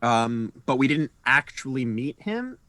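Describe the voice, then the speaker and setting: Lively, bright-voiced male player. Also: mid-range voice, unhurried, no room sound, studio quality. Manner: lively, cursing freely. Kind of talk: casual chat at a tabletop game.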